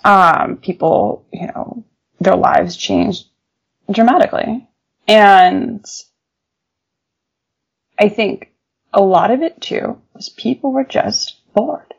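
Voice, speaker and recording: Gravelly low woman, lo-fi interview audio. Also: slow, long pauses. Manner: animated, laughs often, many fillers. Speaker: journalist guest. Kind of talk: casual interview storytelling.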